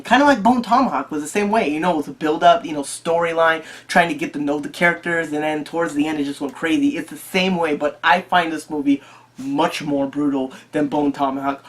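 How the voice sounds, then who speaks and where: Excitable movie reviewer who repeats themselves. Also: medium pitch. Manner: excitable, repeats and restarts phrases. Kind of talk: casual spoken movie review.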